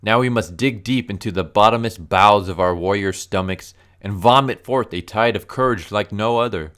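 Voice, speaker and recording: A man voicing a bombastic male warrior who makes grandiose, overblown battle speeches in a loud, declamatory manner. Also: on the low side, moderate pace, pitched above the performer's own voice, lightly acted. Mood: rousing.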